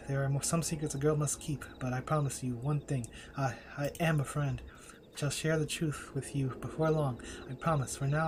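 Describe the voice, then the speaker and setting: A man's voice: medium pitch, noisy background, lightly acted. A man reading a mysterious pleading young woman. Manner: earnest, pleading, stumbling repeats. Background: game music.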